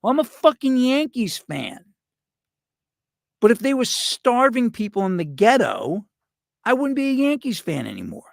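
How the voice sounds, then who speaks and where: A man's voice: extremely high pitch, big pitch swings, moderate pace, gravelly, dry recording, clean studio sound. A middle-aged man, hosting a show with a rambling, profane, sarcastic comedic rant. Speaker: podcast host.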